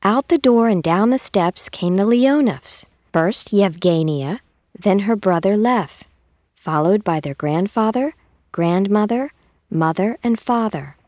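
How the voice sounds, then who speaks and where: A woman reading a children's story aloud in a calm, measured way. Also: mid-range voice, dry recording. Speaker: narrator.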